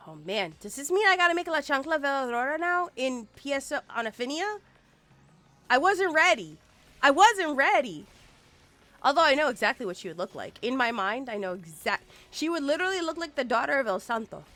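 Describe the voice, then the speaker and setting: A woman's voice: high voice, quick pace, few pauses, no echo. A woman streaming a game, chatting casually and playfully, humming and singing little snippets as she plays. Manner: animated and playful, hums and sings snippets. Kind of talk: casual live-stream chat while gaming.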